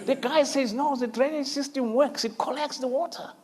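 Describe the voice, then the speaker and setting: A man hosting a conversational interview, telling lively stories and laughing often as he acts out quotes. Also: very high-pitched, moderate pace, crowd noise. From South Africa. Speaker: interview host.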